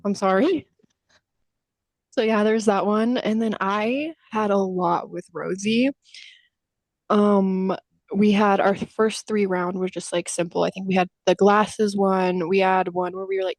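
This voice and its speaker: A woman's voice: mid-range voice, steady tone, normal speed, dry recording. A young adult woman co-hosting a podcast, chatting casually and telling stories with casual swearing and acted-out quotes. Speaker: podcast co-host. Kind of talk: casual chat.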